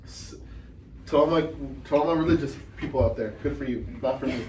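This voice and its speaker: A man's voice: medium pitch, fairly quick, slight background noise. A young man, a podcast guest, telling family stories in casual chat and acting out their lines. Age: young adult. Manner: animated storyteller, acts out his family's lines. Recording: echoey room, mic at a distance.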